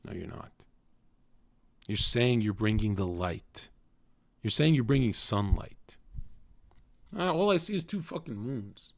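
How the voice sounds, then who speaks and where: A man's voice: fairly low pitch, expressive, a little slow, long pauses, no room sound. A man streaming live, ranting bluntly and profanely at his chat in a confrontational way. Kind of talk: casual rant to a live chat.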